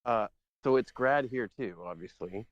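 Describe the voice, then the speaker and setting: A man's voice: mid-range voice, moderate pace, dull audio. A man co-hosting a podcast, chatting in a laid-back, offhand way. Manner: laid-back, brief reactions. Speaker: podcast co-host. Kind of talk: casual chat.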